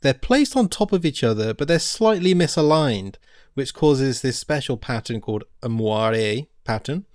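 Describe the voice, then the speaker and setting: A man's voice: mid-range voice, animated, moderate pace, darkish tone, no echo, studio quality. A man co-hosting a casual science podcast, chatty and stumbling a little over technical terms. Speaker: podcast co-host. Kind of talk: casual educational chat.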